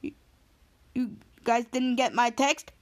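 A woman repeating the lines of a fussy, bumbling inventor man. He explains plainly, a little puzzled that nobody read his message, in a voice pitched well up. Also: level tone, slow.

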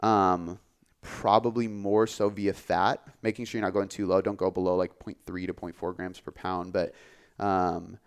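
A man who works as a fitness coach, talking casually on a podcast, relaxed and full of filler words. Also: low voice, normal speed, creaky, smooth. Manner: relaxed, filler-heavy, says "like" often.

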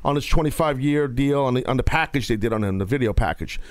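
A man hosting a wrestling podcast, talking casually and loudly, with playful outbursts. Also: mid-range voice, quick pace, no echo. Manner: loud, playful, breaks into shouting bits. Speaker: podcast host. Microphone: studio mic.

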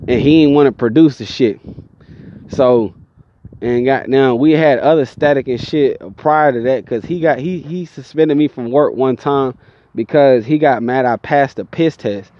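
A tired young man telling a profane, animated story in casual talk, inside a vehicle. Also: medium pitch, measured pace, muffled recording. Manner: profane, animated, mimics people in his stories.

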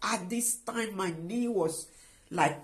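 A middle-aged woman giving an emotional personal testimony, halting and restarting often as she speaks. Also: mid-range voice. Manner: halting and emotional, with many restarts and trailing phrases. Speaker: guest sharing a personal testimony.

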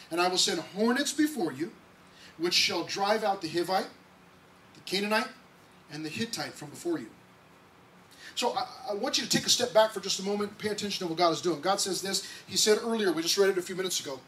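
A man preaching as a pastor in a church, with an excitable, conversational delivery full of restarts and asides. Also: sits high. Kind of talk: sermon. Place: church sanctuary. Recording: distant mic, faint background noise.

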